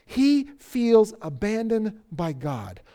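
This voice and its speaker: A man preaching a sermon who acts out the psalmist's cries, swinging from loud outbursts to near-whispers. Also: high voice, animated, normal speed. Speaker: pastor.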